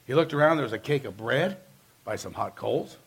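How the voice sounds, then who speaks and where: A man's voice: mid-range voice, animated, a little fast, slightly rough. A man preaching a sermon as pastor, talking to the congregation in an emphatic, conversational way and driving points home with repeated phrases.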